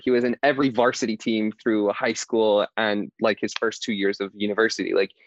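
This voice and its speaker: A man's voice: fairly low pitch, little pitch movement, fairly quick, no echo, highs cut off. Chatty young man telling a story. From Indiana, USA. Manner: chatty, heavy use of "like", laughs often while telling. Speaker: podcast guest. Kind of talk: casual storytelling interview.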